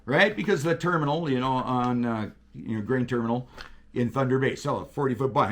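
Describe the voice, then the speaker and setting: A man telling railroad stories in casual chat, animated and profane, acting out radio calls. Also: mid-range voice, fairly quick. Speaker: guest, railroader.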